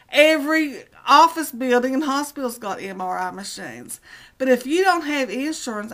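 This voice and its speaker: A woman's voice: a little high, a bit bright. A middle-aged woman rants casually to her vlog camera, exasperated and rambling, repeating herself for emphasis. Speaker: vlogger.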